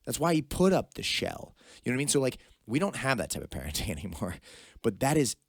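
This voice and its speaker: A man's voice: mid-range voice, big pitch swings, quick pace, gravelly, dry recording, clean studio sound. A man hosting a podcast, giving emphatic, opinionated commentary in casual talk. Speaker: podcast host. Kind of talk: casual conversation.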